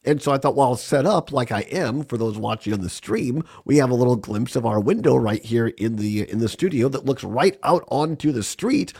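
A man hosts a radio talk show with a voice made gravelly and husky by a cold. He talks in a loose, rambling way and chuckles often. He is in a small radio studio. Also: medium pitch, lively intonation, normal speed, few pauses, darkish tone. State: hoarse from a cold.

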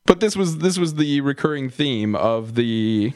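A man's voice: medium pitch, animated, unhurried, a little mellow, dry recording. A man hosting a political talk podcast in a casual, indignant way, with frequent fillers and restarts. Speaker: podcast host.

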